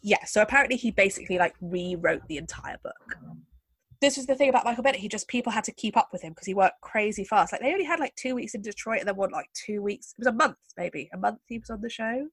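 A woman's voice: medium pitch, lively intonation, fast, a bit bright, husky, dry recording. A woman hosting a podcast, telling a story in a chatty, wry way with lots of asides. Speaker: podcast host. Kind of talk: casual chat.

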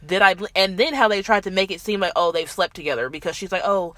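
A woman's voice: medium pitch, quick pace, fairly bright tone, no echo. Female podcast co-host, mid-range voice, indignant, fond of mocking impressions. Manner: indignant, quotes characters mockingly. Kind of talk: casual soap opera recap chat.

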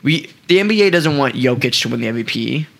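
A man's voice: mid-range voice, lively intonation, quick pace, vocal fry, fairly bright tone, slight background noise. A young man hosting a casual sports podcast, enthusiastic and hyping up players he likes. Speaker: podcast host.

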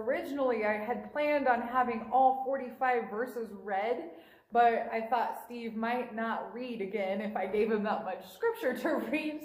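High-voiced woman preaching in an echoey room. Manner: conversational storytelling, acts out quoted dialogue. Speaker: pastor. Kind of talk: sermon retelling scripture.

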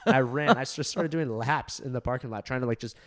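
A man's voice: mid-range voice, fast. Rambling, laughing young man. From Southern California. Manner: rambling, laughing, heavy fillers and swearing. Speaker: comedian podcast co-host. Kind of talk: casual storytelling chat.

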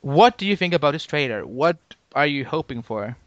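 A man hosting a podcast in casual chat, talking in halting bursts with lots of restarts and fillers. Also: a little high, sing-song, fairly bright tone, no echo, muffled recording. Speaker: podcast host.

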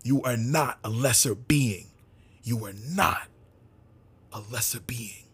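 A man's voice: mid-range voice, takes it slowly, fairly bright tone, husky. A man giving an impassioned monologue to his community, fervent and repetitive, swinging between raised emphasis and near-whispers. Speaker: speaker addressing his community.

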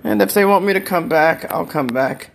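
A man's voice: high voice, normal speed, gravelly, noisy background. An older man talks in a rambling personal monologue, defiant and taunting, and he breaks into laughter now and then. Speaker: vlogger.

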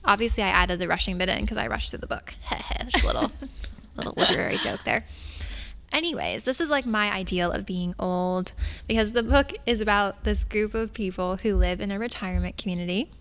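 A woman's voice: mid-range voice, animated, fairly quick, a bit bright, slight background noise. Chatty woman librarian talking books. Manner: chatty, enthusiastic, self-mocking. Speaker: librarian and podcast host. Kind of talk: casual chat about books.

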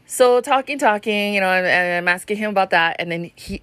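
A woman's voice: mid-range voice, fairly quick, fairly bright tone, no room sound. A woman in her thirties with a Hawaiian Pidgin-tinged accent, telling a story in a rambling, profane way and laughing often as a podcast host. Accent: Hawaiian Pidgin-tinged English. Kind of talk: casual storytelling monologue.

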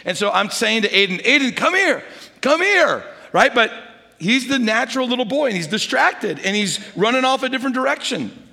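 An older man, a grandfather, preaching a sermon and telling stories, dropping to a hush when he quotes a whisper. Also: very high-pitched, expressive, fairly quick, creaky. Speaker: pastor. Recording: long hall reverb.

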